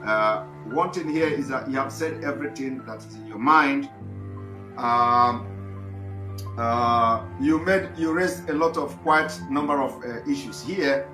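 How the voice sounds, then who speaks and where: A man's voice: mid-range voice, a little slow, roomy sound, music in the background. Hesitant Nigerian man hosting a call-in. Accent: Nigerian English. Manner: hesitant, many fillers and restarts. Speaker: host. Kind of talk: live call-in show.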